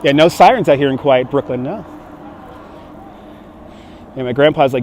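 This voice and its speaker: A man's voice: mid-range voice, normal speed, long pauses, a little mellow, slight background noise. A man with a light New York accent giving a casual livestream walking tour outdoors, chatting with viewers' comments as he goes. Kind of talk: casual live-stream chat while walking. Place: city streets outdoors. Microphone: handheld phone on gimbal.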